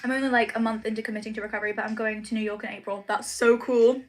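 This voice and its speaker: A woman's voice: fairly high pitch, steady tone, rapid-fire, background noise. A young woman chatting casually on a livestream from her room at home, rambling with lots of "like" and "um". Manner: chatty, rambling, says "like" and "um" often. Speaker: streamer.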